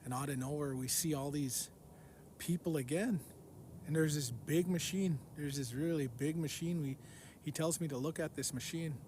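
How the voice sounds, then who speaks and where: A man telling the story of a vivid dream in an unhurried, repetitive way, often going back over the same words. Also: on the high side, background noise. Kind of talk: recounting a dream.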